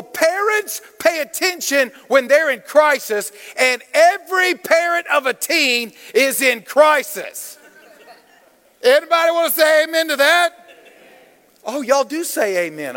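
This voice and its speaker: A man's voice: extremely high pitch, pushed and bright, long reverb tail. A man preaching to a congregation as a guest speaker, playful and engaging, questioning the crowd and drawing responses. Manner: playful, calls on the congregation, Southern "y'all". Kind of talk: lively interactive sermon. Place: church.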